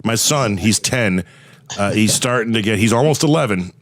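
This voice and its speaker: A man's voice: lowish voice, expressive, normal speed, no room sound. A man hosting a podcast, asking questions in a friendly, easygoing way. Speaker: podcast host. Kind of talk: casual podcast chat.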